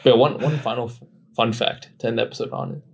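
A man's voice: medium pitch, steady tone, fast talker, vocal fry. A young man co-hosting a podcast, rambling through a story with many fillers. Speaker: podcast co-host. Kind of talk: casual chat.

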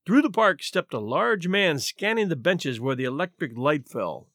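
A man narrating a classic short story, reading in an expressive, measured way. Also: fairly high pitch, no echo, studio quality. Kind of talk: scripted audiobook narration.

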